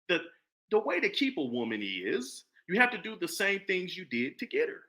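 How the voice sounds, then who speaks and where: A man in his forties giving a casual, preachy opinion monologue, animated and repetitive. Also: high voice, normal speed. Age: 40s. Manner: animated, preachy, repeats himself. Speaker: commentary vlogger.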